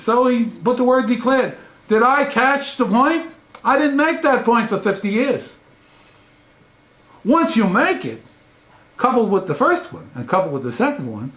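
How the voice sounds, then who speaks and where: A man's voice: high voice, a bit bright. An older man, a professor giving a lecture, emphatic and full of rhetorical questions. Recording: roomy echo.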